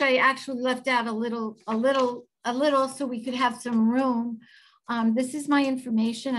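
A woman's voice: on the high side, fairly bright tone, poor audio. A middle-aged woman, a healthy chef, giving an earnest, effusive nutrition lecture over a video call, with many "um"s.

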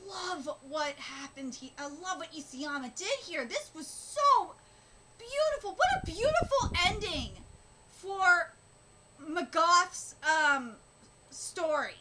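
A woman streamer reacting live, her voice very high and bright. She gushes emotionally and sounds close to tears. Her talk comes in halting bursts full of fillers and restarts. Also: expressive, a little hiss or hum, low-quality recording. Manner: emotional, gushing, on the verge of tears.

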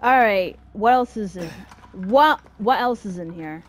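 Swearing young woman yelling through a game. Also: medium pitch, lively intonation, measured pace. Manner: swears constantly, yelling at enemies in panic. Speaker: gaming channel host. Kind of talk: let's play commentary.

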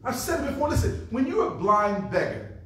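Animated preacher in an echoey church. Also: male voice, very high voice, a little fast, noisy background. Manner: animated storytelling with acted-out voices, says "man" often. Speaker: pastor. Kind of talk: revival sermon. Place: church sanctuary. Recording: echoey room from a distance.

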